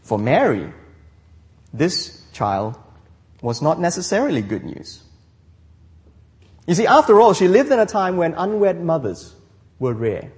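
A man's voice: fairly high pitch, huge pitch swings, a little slow, long pauses, darkish tone, in a large hall. A man preaching a sermon as a pastor, with frequent restarts and rhetorical questions.

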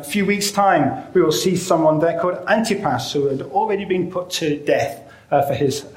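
A man preaching a sermon in a measured way, often pausing on "uh" and slowing down to stress key phrases. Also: fairly high pitch, a little mellow, echoey room, low-quality recording. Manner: measured, with frequent "uh" fillers and slowed emphatic phrases.

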